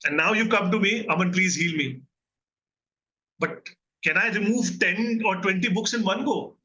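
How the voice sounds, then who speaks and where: A therapist with an Indian English accent gives an earnest recorded mental health lesson, repeatedly asking his listeners questions and checking in. His voice is high-pitched and sharp at normal speed, and the recording has its highs cut off.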